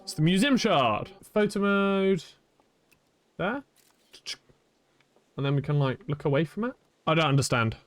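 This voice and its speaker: A man streaming a video game, chatting in an animated, self-mocking way. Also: a little high, a little slow, pauses often, faint music behind. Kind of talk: live gameplay commentary.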